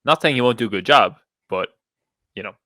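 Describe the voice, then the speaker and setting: A man's voice: mid-range voice, animated, a little fast, pushed and bright, dry recording. A man chatting casually and easily on a podcast, mostly agreeing with short remarks. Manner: easygoing, brief agreeing replies. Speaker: podcast panelist. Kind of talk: casual chat.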